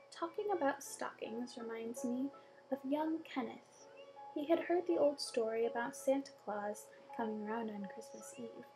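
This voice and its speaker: A woman reading a bedtime story aloud with gentle expression and soft whispered asides. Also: fairly high pitch, poor audio.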